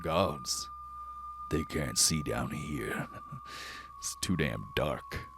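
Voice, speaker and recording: A man voicing a brutish red-skinned male dwarf thug who speaks slowly and scoffingly. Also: extremely low pitch, huge pitch swings, background noise, full character voice. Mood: scornful. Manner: scoffing, gruff, slow.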